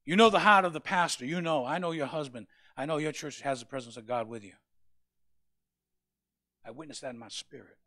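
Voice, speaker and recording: A male pastor preaching a sermon, with passionate rises to loud peaks. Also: on the high side, brisk, pauses often, no echo, clean studio sound.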